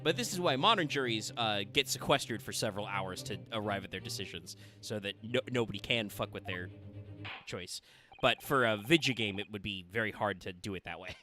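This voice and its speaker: A man's voice: fairly low pitch, animated, brisk, sharp tone. A man streaming a video game, chatting casually in a rambling, joking way with swearing. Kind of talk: casual let's-play chat.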